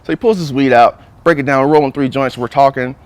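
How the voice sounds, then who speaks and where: A young stand-up comedian from North Carolina rambles through a crude, profane routine, repeatedly saying "you know what I'm saying." He talks fast, with a medium-pitched, clean-toned voice.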